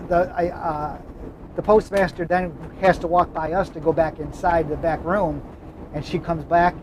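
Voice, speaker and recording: A man's voice: fairly high pitch, steady tone, moderate pace, noisy background. A man hosting a travel vlog, telling rambling anecdotes inside a moving car. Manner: rambling, self-correcting anecdotes. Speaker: vlog host. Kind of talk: casual storytelling chat.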